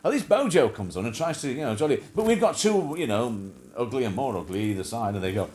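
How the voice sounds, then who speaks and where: Lively rambling male chat show host. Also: mid-range voice, quick pace, few pauses, slight background noise. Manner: rambling, jokey, many fillers and restarts. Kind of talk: casual chat.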